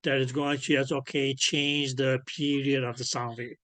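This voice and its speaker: A man teaching ultrasound physics in an online lecture over a computer microphone. He keeps checking whether students follow by asking "clear?", and he fills his sentences with "okay, yes". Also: medium pitch, flat delivery, moderate pace, fairly bright tone, no room sound. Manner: peppers speech with filler "okay, yes". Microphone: computer mic on a video call.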